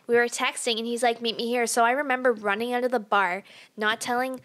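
A young woman co-hosting a podcast, telling a story in a casual, animated way, swearing and laughing often. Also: fairly high pitch, a little fast. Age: young adult. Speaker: podcast co-host. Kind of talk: casual chat.

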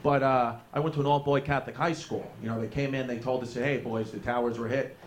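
A stand-up comedian from New York talks quickly at a medium, fairly even pitch, spinning foul-mouthed, meandering stories to a live club crowd. He's brash and leans on fillers, and there is slight background noise.

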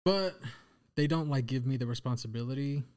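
A man's voice: mid-range voice, fairly quick, darkish tone. Rambling young man, casual podcast guest. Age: 20s. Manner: rambling, casual, swears, lots of "like". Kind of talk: casual chat.

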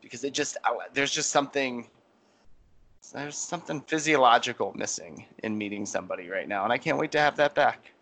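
Man, podcast co-host, bright and forward tone, casual rambling storyteller. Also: mid-range voice, fairly quick. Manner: rambling, animated storytelling with many fillers. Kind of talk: casual chat.

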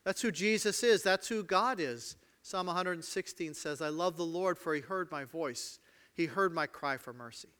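A man preaching a sermon, retelling a story with dramatic swings between loud outbursts and hushed asides. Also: high-pitched. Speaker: pastor.

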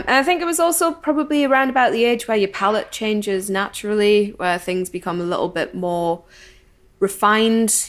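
A woman in her twenties from North East England, speaking frankly as an interview guest in a posh Geordie accent with a Scottish tinge, laughing often. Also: on the low side. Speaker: guest brewer. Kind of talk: interview conversation.

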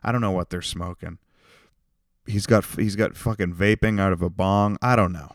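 A man's voice: sits low, fairly even intonation, normal speed, no echo, studio quality. Profane rambling male podcast host. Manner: rambling, profane, jokey with sudden loud bits. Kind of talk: solo comedic rant.

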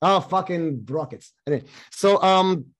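A man's voice: high-pitched, unhurried. A man from Romania, a guest on a podcast, talking bluntly in casual conversation and often laughing.

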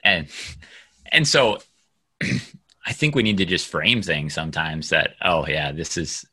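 A man's voice: rumbling low, big pitch swings, measured pace, pushed and bright, slightly rough. A man hosting a casual interview, reflective and encouraging, asking his guest to go on. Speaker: host.

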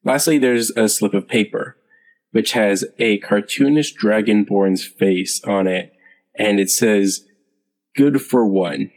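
A man narrating as game master of a tabletop game, hesitant and unhurried with many fillers. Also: lowish voice, steady tone, a little mellow. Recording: long hall reverb.

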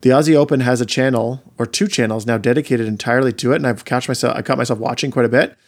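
Male podcast host, mid-pitched, friendly, casual, stop-start delivery. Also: steady tone, quick pace. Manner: friendly, restarts often.

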